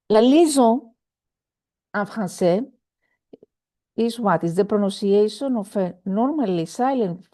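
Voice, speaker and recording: Slow, mellow woman teaching French online. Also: medium pitch. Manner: slow, hesitant, many fillers, repeats examples. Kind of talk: online language lesson. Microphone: video call.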